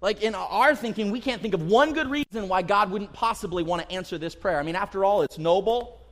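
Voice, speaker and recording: A man's voice: high voice, a little fast. A man in his thirties preaching a sermon to a congregation, talking casually and acting out quotes with rising emphasis. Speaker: pastor. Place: church sanctuary. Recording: long hall reverb.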